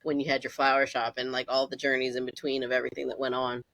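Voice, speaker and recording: A woman hosts a relaxed podcast interview. She keeps affirming her guest with short responses. Her voice is low for a woman, and the sound is dry. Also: quick pace, no room sound, poor audio. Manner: affirming, frequent back-channel responses. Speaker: podcast host. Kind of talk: casual interview chat.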